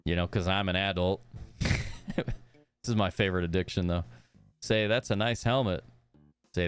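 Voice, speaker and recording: A man's voice: low-pitched, clean tone. A young man streaming a game live, chatting upbeat with his viewers and reading the characters' dialogue aloud in his own voice.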